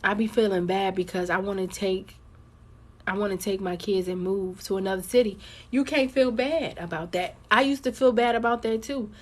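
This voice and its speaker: Livestream host: a husky-voiced woman telling her viewers a personal story, candid and conversational. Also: medium pitch, normal speed, a little mellow. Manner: candid, conversational, addresses viewers as girl and y'all.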